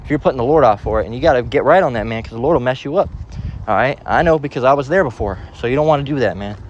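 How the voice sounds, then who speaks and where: A man teaching from the Bible in a casual way, out of breath as he walks outdoors and slowing down to read verses aloud. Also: mid-range voice, expressive, muffled recording, a little hiss or hum. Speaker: preacher. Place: outdoors, walking near traffic.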